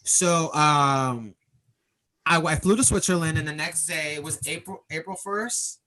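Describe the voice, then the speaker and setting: A man's voice: fairly high pitch, a little slow, bright, forceful tone, rough recording. Young male podcast guest, earnest and emotional, acts out quoted speech as he tells a story. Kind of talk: personal storytelling in conversation.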